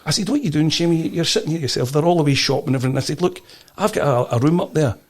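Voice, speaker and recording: A middle-aged Scottish man in a casual interview, telling stories with animated restarts and repeated words. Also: a little high, racing. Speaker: podcast guest.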